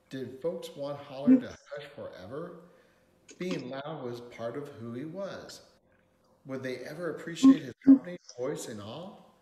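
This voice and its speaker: A man reading a picture book aloud in an expressive, lilting way. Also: medium pitch. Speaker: storyteller. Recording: roomy hall reverb.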